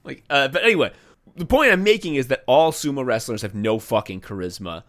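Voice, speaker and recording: A man co-hosting a casual podcast, swearing freely as he tells a story. His pitch is middling, but it swings widely up and down as he gets worked up. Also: fairly quick. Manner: animated, profane storytelling. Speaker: podcast co-host. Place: separate rooms from co-host.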